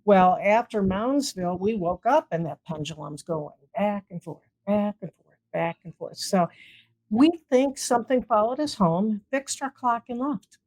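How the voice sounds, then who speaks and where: A woman's voice: mid-range voice, a little slow, no room sound, rough recording. A woman being interviewed as a guest who tells stories casually and brings them to life by acting out the dialogue. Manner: animated, acts out quoted dialogue. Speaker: guest, paranormal investigator.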